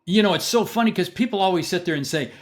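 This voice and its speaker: On a podcast, an older man interviewed as a sales expert speaks emphatically and with animation, repeating words for stress. His voice is high-pitched and fast.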